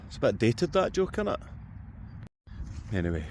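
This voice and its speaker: A man's voice: medium pitch, sing-song, moderate pace, a little mellow, a little hiss or hum. A man with a Scottish accent, chatting and joking to viewers while metal detecting in farm fields. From Scotland. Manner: jokey, chatty, talks to viewers. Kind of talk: casual vlog narration outdoors. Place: open farm fields outdoors.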